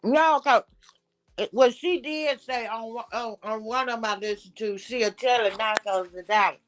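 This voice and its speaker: A woman hosting a casual chat, blunt and animated as she gossips. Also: a little high, normal speed, music in the background. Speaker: show host.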